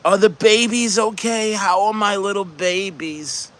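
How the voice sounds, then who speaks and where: A man's voice: high-pitched, fairly even intonation, unhurried, fairly bright tone, pitched above the performer's own voice. A man putting on a fussing old mother. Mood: fretting. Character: fretful older mother, chatty, worrying.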